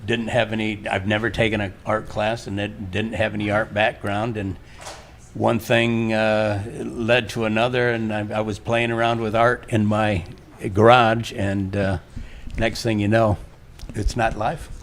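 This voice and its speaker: Older male painter, low monotone, rambling guest at a live gallery event, faint ambience. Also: a little hiss or hum. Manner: rambling, halting, restarts often. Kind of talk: casual interview chat.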